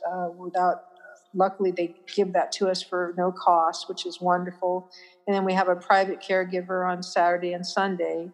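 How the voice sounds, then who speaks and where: Woman, middle-aged, earnest, soft restarts, interview guest, long reverb. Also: lowish voice. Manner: warm, earnest, trailing off into quiet restarts. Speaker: family caregiver, guest. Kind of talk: interview conversation. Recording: long reverb in a hall-like room.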